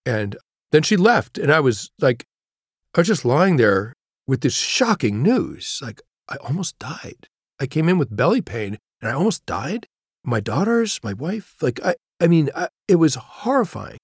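A middle-aged man, a guest author, telling a personal story in an interview, halting and reflective, dropping to a hush at grave moments. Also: on the high side, sing-song, husky, no room sound, studio quality.

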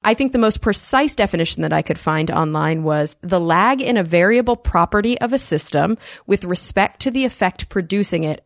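A woman's voice: fairly low pitch, no room sound, clean studio sound. A woman co-hosting a podcast, talking in a casual, emphatic way and reading a listener email aloud. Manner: animated, emphatic, quick to laugh. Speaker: podcast co-host.

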